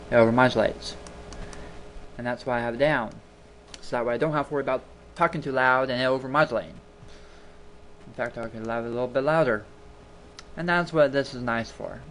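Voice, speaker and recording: Here the tutorial host's mid-range voice sounds slightly bright and moves a little fast, broken up by frequent pauses. He rambles casually through a screen recording at his home computer, repeating words to stress them. A touch of hiss or hum comes through his desktop mic.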